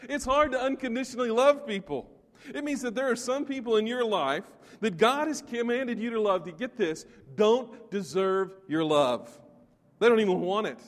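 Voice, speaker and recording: A man's voice: very high voice, expressive, moderate pace. Fervent preacher man in an echoing hall. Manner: emphatic, asks the congregation questions. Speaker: pastor. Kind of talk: sermon.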